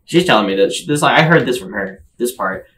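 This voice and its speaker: A man telling a story on a casual podcast, excitable and rambling, with lots of fillers and laughter. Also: mid-range voice, fast, rough recording. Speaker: podcast co-host telling stories. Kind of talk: casual chat, animated storytelling.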